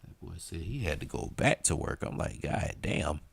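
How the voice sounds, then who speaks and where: A man's voice: a bass voice, lively intonation, normal speed, gravelly, husky. A man in his thirties with a thick Southern US accent, rambling casually to his live-stream chat, full of slang and fillers.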